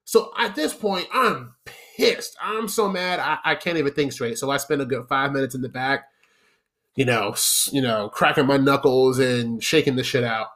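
A young man hosting, telling a profane story about his old job in a casual, animated monologue that turns into rants at the listener. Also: medium pitch, normal speed. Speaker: podcast host.

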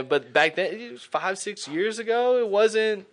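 A young man in casual chat, telling lively stories and acting out the people in them. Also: high-pitched, measured pace. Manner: animated storyteller, acts out quoted voices.

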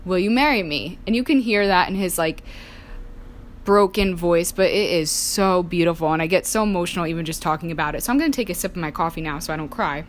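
This young woman talks fast in a fairly low voice, recounting something from her own life while sipping coffee indoors. She's chatty and casual, leaning heavily on "like" and performing the voices of people she quotes, and there's a faint hiss or hum.

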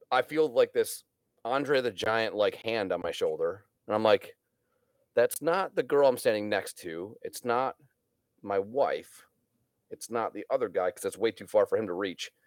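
A man's voice: lowish voice, clear, resonant tone, no echo. Rambling, swearing man with a dry sound. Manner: rambling storyteller, swears freely. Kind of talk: casual chat.

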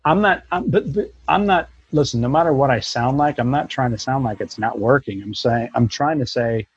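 Male co-host, husky gravelly voice, stammering and emotional, dull lo-fi audio. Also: mid-range voice, dry recording. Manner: halting, repeats himself, emotional. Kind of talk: casual conversation. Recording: dull lo-fi sound.

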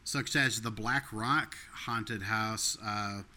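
Podcast co-host, male, very bright tone, rambling delivery full of fillers and laughs. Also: fairly low pitch, takes it slowly, a little hiss or hum. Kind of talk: casual chat.

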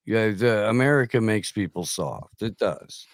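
A man in casual podcast chat who gives blunt opinions in halting bursts full of fillers. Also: fairly low pitch, animated, dry recording, studio quality.

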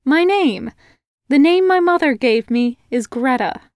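A spirited young village woman from a fairy-tale audiobook, teasing and stubborn, her voice lifted high and lively, as a woman narrator puts her on. She laughs off danger and speaks with warm, firm insistence, in a dry, close reading. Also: unhurried, dry recording. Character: bold cheerful young human woman, teasing.

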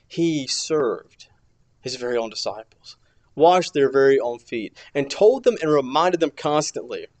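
A man preaching a sermon as an archdeacon, emphatic, swinging between loud declarations and hushed near-whispers. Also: on the high side.

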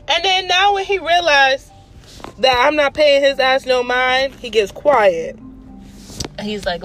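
Animated young woman telling a story. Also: high voice, moderate pace, faint music behind. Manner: animated, profane, acts out quoted voices. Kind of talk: casual storytelling.

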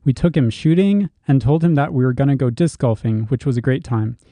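A man's voice: mid-range voice, fairly quick, mellow, no echo. Young man wryly reading listener email. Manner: wry, reads aloud with asides. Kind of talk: casual chat.

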